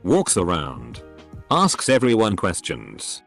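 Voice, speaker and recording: Synthetic male storyteller, low-pitched and animated, odd pauses, faint music behind. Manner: synthetic text-to-speech read with odd phrasing and pauses. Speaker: narrator. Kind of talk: scripted narration of online posts. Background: faint background music.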